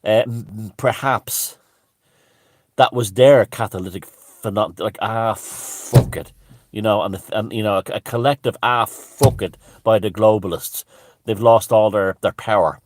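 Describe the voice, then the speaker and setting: A man's voice: lowish voice, normal speed. A man delivering a crude, scornful ranting monologue as a commentator, swearing heavily. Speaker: alternative-thinking commentator.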